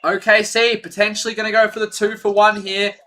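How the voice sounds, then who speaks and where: Excitable partisan fan commentator, man. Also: high-pitched, fairly quick. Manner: partisan, excitable, rants at referees. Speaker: fan play-by-play streamer.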